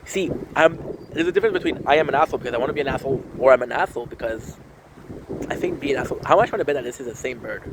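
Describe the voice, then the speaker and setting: A man's voice: medium pitch, very fast. A man vlogging to camera outdoors by the water, rambling and frustrated, repeating himself as he searches for words. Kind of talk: rambling vlog monologue to camera. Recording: loud wind and boat noise outdoors.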